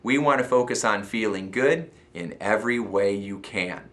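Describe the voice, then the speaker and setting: A man's voice: on the low side, moderate pace. An American man giving an upbeat motivational talk as a self-help coach, laughing often and acting out little voices.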